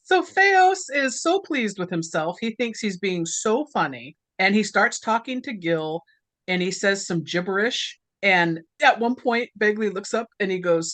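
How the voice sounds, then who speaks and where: A woman's voice: mid-range voice, a little slow, no room sound. A woman hosting a podcast, recapping a movie in casual chat and laughing often. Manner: laughs often, animated storytelling. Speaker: podcast host.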